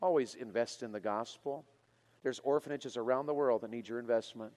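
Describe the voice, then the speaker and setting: Pastor guy preaching to teens, tells stories, gets worked up and loud. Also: medium pitch, brisk, long reverb tail. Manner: animated, builds to loud excited preaching. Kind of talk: storytelling sermon to teenagers.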